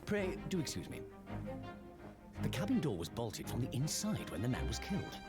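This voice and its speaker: A man's voice: medium pitch, huge pitch swings, moderate pace, over loud music. Man putting on a pompous British detective. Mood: deducing. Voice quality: lofty, theatrical deduction voice. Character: pompous British gentleman detective, male adult.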